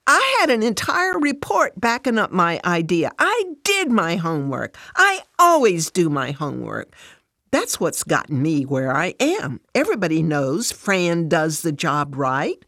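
A woman's voice: lowish voice, animated, a little slow, dry recording, pitched above the performer's own voice. A woman voicing an upset working mother who turns defensive and sarcastic, close to tears.

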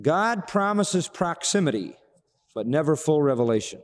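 A man preaching a sermon, expressive, asking rhetorical questions and acting out dialogue. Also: a little high, moderate pace. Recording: long reverb of a large hall.

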